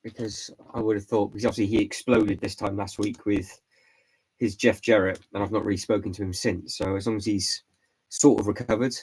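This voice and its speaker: A man hosting a casual live stream, hoarse and stuffy from hay fever and a lost voice, rambling and repeating his words as he answers chat. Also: fairly low pitch, flat delivery, a little fast, darkish tone, slight background noise, poor audio. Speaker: vlog host doing a live stream.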